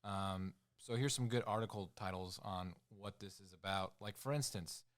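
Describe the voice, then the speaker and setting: A man's voice: deep voice, moderate pace. A man co-hosting a podcast, reacting dryly and giving a hesitant take on a film. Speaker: podcast co-host. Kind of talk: casual podcast chat.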